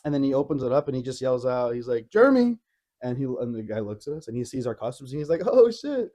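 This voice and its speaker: A man co-hosting a casual podcast, telling a lively story with many fillers and frequent laughs. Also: mid-range voice, rapid-fire. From Arizona. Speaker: podcast co-host. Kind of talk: casual chat.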